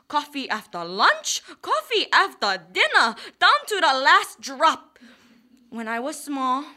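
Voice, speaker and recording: High, lively woman with Hawaiian Pidgin accent. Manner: mock-dramatic, switching between pidgin and prim standard speech. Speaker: comedian. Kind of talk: stand-up comedy monologue.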